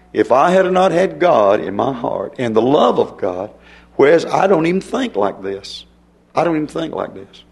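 A man's voice: medium pitch, darkish tone. A man preaching a sermon in a folksy storytelling way, with sudden emphatic rises. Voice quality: gravelly, husky voice. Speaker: pastor.

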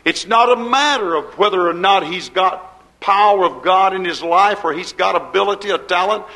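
A man with a high voice preaches a fervent sermon as pastor. He asks rhetorical questions in folksy grammar and swings between loud and hushed. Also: normal speed, low-quality recording.

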